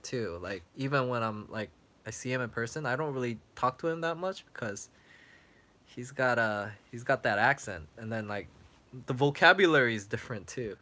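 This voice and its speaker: Young guy vlogger rambling thru viewer questions, bright voice, kinda worn out, lots of um and like. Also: medium pitch, lively intonation, normal speed. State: losing his voice, clearing throat. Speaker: travel vlogger on a livestream. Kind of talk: casual live-stream chat.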